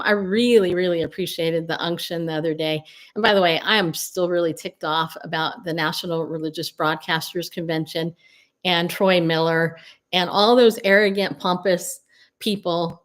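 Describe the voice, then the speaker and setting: A middle-aged woman talking casually on a home livestream, her voice sitting a little low for a woman. She tells stories in a chatty, animated way, breaking into laughs and blunt asides. Her pitch jumps high when she acts out her own surprise. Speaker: Christian media host and coach. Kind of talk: casual solo livestream talk.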